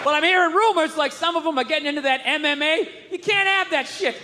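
Middle-aged male stand-up comic, high-pitched, sharp-edged delivery, profane rant, hall reverb. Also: fast, background noise. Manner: loud ranting, profane, yelling punchlines. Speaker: stand-up comedian.

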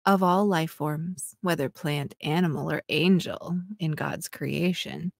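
Slow, breathy mock-sultry woman reader. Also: sits low, steady tone, no echo, clean studio sound. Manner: slow breathy reading with drawn-out words and whispers; breaks into giggles. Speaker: podcast co-host. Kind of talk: mock-sultry dramatic reading.

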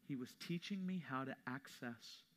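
Bright-voiced pastor preaching. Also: male voice, medium pitch, moderate pace. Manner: conversational storytelling, rising to emphatic preaching. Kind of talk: sermon. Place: church sanctuary.

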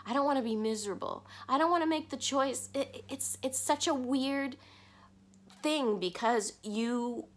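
A woman shares her own story in a personal confessional vlog. Her voice sits high, and she speaks candidly, pausing and restarting her sentences as she works through her thoughts. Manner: halting, candid, with restarts and soft breaks. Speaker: vlogger.

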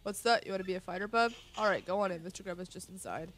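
A woman's voice: medium pitch, racing, a bit bright, soft background music, lightly acted. A woman voicing a curt male door guard at a fighting arena, reading game dialogue aloud. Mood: gruff. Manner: curt, calls everyone bub.

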